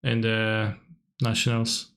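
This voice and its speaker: A man's voice: on the low side, monotone, slow, fairly bright tone. A man giving casual stream commentary while reacting to old videos, chatty and wry, laughing often and talking loosely with many filler words.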